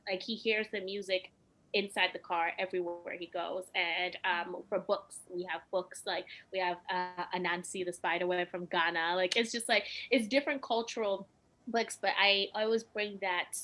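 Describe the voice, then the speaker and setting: A woman's voice: fairly low pitch, fairly even intonation, normal speed, pushed and bright, poor audio. A young woman and podcast guest telling personal stories in casual chat, emotional and laughing often.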